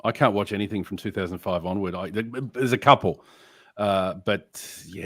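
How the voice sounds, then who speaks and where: A man from Melbourne, a guest on a live fan panel who talks in quick, rambling bursts. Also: on the low side, fairly bright tone, no room sound, clean studio sound. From Melbourne, Australia. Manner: quick, rambling, self-interrupting.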